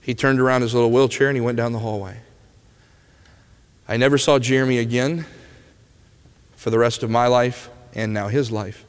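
A man preaching a personal testimony as a vivid storyteller, his voice dropping to a hush at tender moments. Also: medium pitch, steady tone, normal speed, long pauses, smooth. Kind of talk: emotional sermon storytelling. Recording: long hall reverb.

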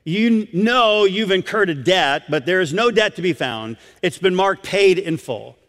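A man preaching a sermon as pastor, emphatic, with dramatic pauses and questions put to the congregation. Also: sits high, expressive, a bit bright, big-room sound.

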